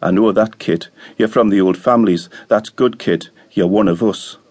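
Sly, bitter teen boy for a storybook reading; low, knowing drawl, voiced by a man. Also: normal speed, darkish tone, lightly acted. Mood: coaxing. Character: brooding broad-shouldered teenage boy, bitter and sly.

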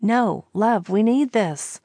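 A woman's voice: medium pitch, animated, slow pace, warm tone, no room sound, studio quality, pitched above the performer's own voice. A woman voicing an affectionate, teasing young husband in an audiobook. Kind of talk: audiobook character reading.

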